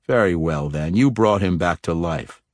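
Sly teasing drow rogue as a man voices him, low voice, dry close audiobook sound. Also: expressive, moderate pace, dry recording. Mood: probing. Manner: probing, slyly teasing.

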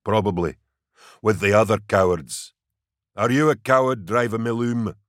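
A man voicing a huge, brutish male soldier with a deep, growling voice and slow, flat menace. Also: dry recording, clean studio sound, lightly acted. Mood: menacing calm.

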